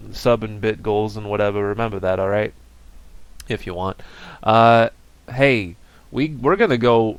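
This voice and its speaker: In a comedy sketch made as a break-screen video, a man voices a goofy, cheerful male bean mascot, rambling in silly, self-mocking ad patter. His voice is lowish, with no echo.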